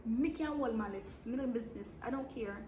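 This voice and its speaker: A woman's voice: on the high side, a little fast. Sassy Jamaican woman, echoey room. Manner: blunt, sassy and slangy with dramatic repetition. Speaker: vlogger. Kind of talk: storytime vlog. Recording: echoey room with background noise.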